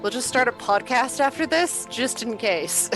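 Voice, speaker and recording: A woman's voice: fairly high pitch, lively intonation, measured pace, music in the background, low-quality recording. A woman playing in a tabletop game, chatting in a laid-back, wry way. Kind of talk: casual banter.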